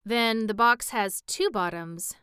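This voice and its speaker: A curious, opinionated scarecrow made of straw, voiced by a woman reading a storybook aloud. The delivery is brisk and slightly raised, the voice very smooth and clear in a dry recording. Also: fairly high pitch, a bit bright, no room sound, voice pushed up. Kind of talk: audiobook reading.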